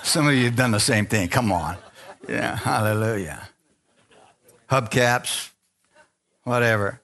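A man pastor preaching a sermon, calling on the congregation for amens, dropping to low asides and climbing to loud, rising exhortation, with jokey self-deprecating remarks. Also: measured pace. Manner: call-and-response preaching, asks the crowd for amens.

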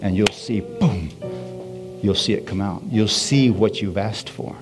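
A man preaching a sermon, animated, repeating his phrases and dropping in hallelujahs. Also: on the low side, unhurried, soft background music.

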